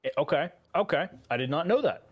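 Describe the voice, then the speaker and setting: A man's voice: on the high side, animated, fairly quick, slightly rough, dull audio. A man running a tabletop game as dungeon master, talking casually with many fillers and easy laughs. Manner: hesitant, filler-heavy, laughs easily.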